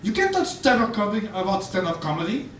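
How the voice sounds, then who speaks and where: A man's voice: high-pitched, big pitch swings, quick pace, fairly bright tone, slight background noise, pitched above the performer's own voice. A man voicing a frantic, insistent male friend who rants urgently in a raised voice, recorded on a roomy, distant mic. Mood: alarmed.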